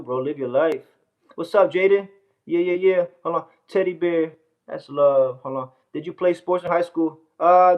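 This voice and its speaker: On a casual livestream, an American man reads comments in a boastful, brash, scattered way, often saying "hold on" and "bro." His voice is a little high, and the sound is lo-fi.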